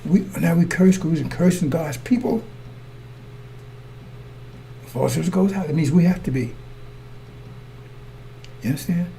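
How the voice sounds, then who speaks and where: Male preacher, fairly high gravelly voice, repetitive sermon delivery to the congregation. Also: a little slow, long pauses, dark tone, slight background noise. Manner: repetitive, asks listeners to follow along; addresses congregation as brothers and sisters.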